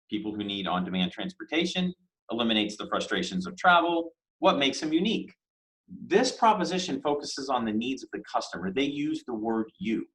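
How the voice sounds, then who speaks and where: A man teaching a casual business lesson, talking conversationally with rhetorical questions and lively emphasis on key words. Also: mid-range voice, low-quality recording. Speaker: business instructor.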